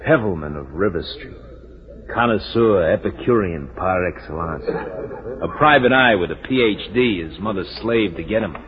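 A theatrical, doomed private eye. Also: male voice, low-pitched, animated, moderate pace, noisy background. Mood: brooding. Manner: theatrical, self-pitying. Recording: muffled 1940s radio recording with music.

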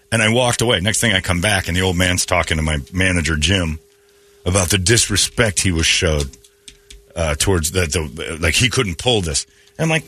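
Man, radio host, casual banter, husky, bright-toned, lowish voice, lively storyteller. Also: normal speed. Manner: animated storytelling with laughs and acted-out quotes.

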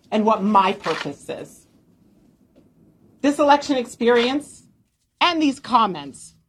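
A woman delivers a formal concession speech as a politician, measured and earnest. Her voice sits a little higher than most women's.

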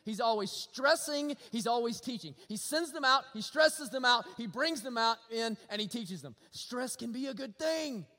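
A pastor preaching a sermon, folksy and animated, with humor and repetition. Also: male voice, very high voice, normal speed, few pauses. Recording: long hall reverb.

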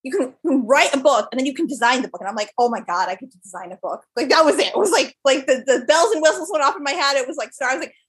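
A young adult woman, a startup founder appearing as a podcast guest, tells stories in casual interview chat. Her high, husky voice is animated, and she talks fast, piling in fillers, especially "like."

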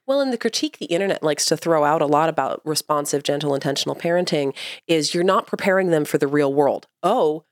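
A woman's voice: sits low, animated, fast talker, no room sound, studio quality. A woman co-hosting a parenting podcast, earnestly explaining her views in casual chat. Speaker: podcast co-host.

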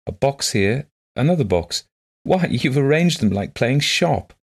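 A man reading the part of a gentle, shy blind woman who talks softly and earnestly in simple phrases. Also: mid-range voice, big pitch swings, a little slow, pitched above the performer's own voice.

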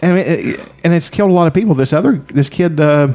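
A man's voice: on the high side, quick pace, slight background noise. Blunt, profane man. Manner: blunt, profane, animated storytelling. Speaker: podcast co-host. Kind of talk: casual chat.

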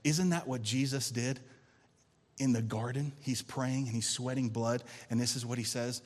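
A male pastor delivers a sermon to his congregation in a church. His voice sits at a middle pitch and swings from loud, emphatic calls to quiet, intense passages, and he prompts the room for amens. A long reverb from the large hall trails each phrase. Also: normal speed. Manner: preaching with rising and falling intensity, calling for amens. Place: church sanctuary.

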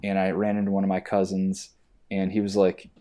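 A man's voice: deep voice, fairly quick. A man, an actor, chatting casually and acting out stories in mocking voices. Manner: animated storytelling, acts out exchanges in mocking voices. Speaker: actor on a podcast. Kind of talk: casual chat.

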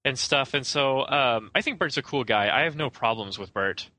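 A man's voice: mid-range voice, lively intonation, moderate pace, bright, forceful tone, no echo, low-quality recording. A young man co-hosting a casual film podcast, talking in a rambling, hesitant way with many fillers and restarts. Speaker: podcast co-host.

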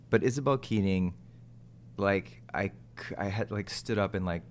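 A fairly low-voiced man from Texas talks through a relaxed interview. He rambles cheerfully, mocks himself and slips into quoted voices of people he has met. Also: moderate pace, slight background noise. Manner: chatty, self-mocking, full of asides and quoted voices. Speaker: actor and TV host, interview guest. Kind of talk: casual chat.

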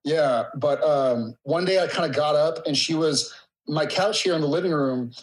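A middle-aged man in casual conversation, telling a story in a halting, emotional way with many fillers. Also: fairly high pitch, poor audio. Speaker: guest.

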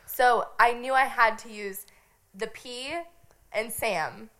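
A young woman from Nebraska telling a lively story on a podcast, laughing often and filling her talk with "like". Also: fairly high pitch, takes it slowly, crowd noise. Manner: animated, giggly, lots of "like" fillers. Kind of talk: casual storytelling chat.

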